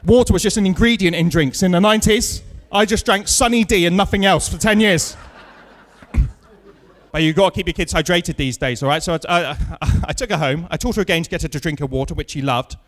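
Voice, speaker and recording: A man in his thirties does stand-up on a comedy club stage, his voice high and slightly fast. He tells dry, self-mocking stories built to punchlines and chats with the crowd.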